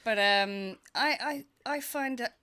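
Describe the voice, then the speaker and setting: Woman panelist, bright voice, measured and thoughtful. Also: on the high side, clear, resonant tone. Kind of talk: live panel chat.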